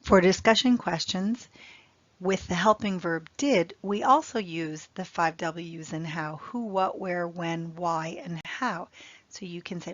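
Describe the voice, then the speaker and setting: A woman teaching an English grammar lesson, speaking clearly and repeating example phrases for learners. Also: fairly low pitch, a little slow, no echo, dull audio.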